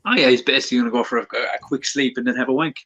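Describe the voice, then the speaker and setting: Husky, bright-voiced swearing man on a call. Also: mid-range voice, racing. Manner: heavy swearing, stumbling restarts. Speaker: podcast co-host. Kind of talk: casual livestream banter.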